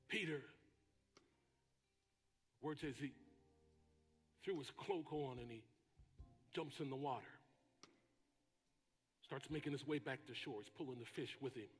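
A man preaching a sermon as pastor, with dramatic pauses and bursts of shouting. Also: mid-range voice, slightly rough, in a large hall, faint music behind. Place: church sanctuary.

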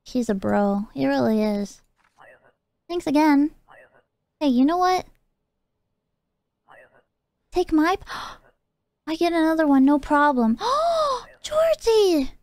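A woman streaming a video game live, excitable, gasping and squealing. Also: high voice, takes it slowly, long pauses, no echo, studio quality.

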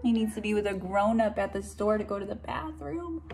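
A teacher reading a picture book aloud to young children, pausing to explain words and point at the pictures. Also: female voice, mid-range voice, lively intonation.

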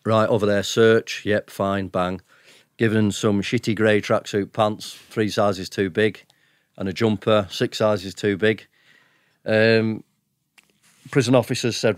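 Man, low pitch, blunt sweary storytelling, dry close mic. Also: steady tone, takes it slowly, no echo. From United Kingdom. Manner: blunt, sweary, chuckles between anecdotes. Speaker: podcast guest. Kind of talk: casual storytelling.

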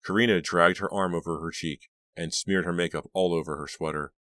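A man narrating an audiobook in a steady, dramatic reading voice. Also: low voice, brisk, no room sound. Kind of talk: scripted narration.

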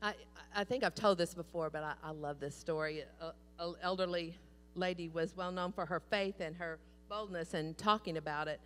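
A woman's voice: lowish voice, moderate pace. Folksy woman preaching in a big hall. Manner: animated, folksy storytelling. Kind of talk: sermon. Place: church sanctuary. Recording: long church hall reverb.

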